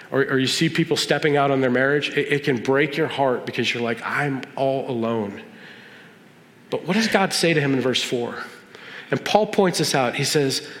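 A man with a slightly higher voice preaches from the pulpit, relaxed and conversational, slipping into quoted voices and light jokes. His words ring out with the long reverb of a big sanctuary. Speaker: pastor. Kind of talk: sermon.

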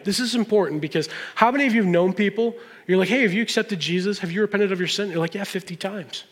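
High-voiced pastor preaching in a reverberant hall. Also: male voice. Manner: conversational preaching with emphatic stresses. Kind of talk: sermon.

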